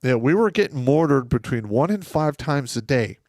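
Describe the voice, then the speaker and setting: A man co-hosting a casual podcast, telling profane war stories with loud outbursts. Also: medium pitch, animated, normal speed, no echo, studio quality. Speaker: co-host; former first sergeant.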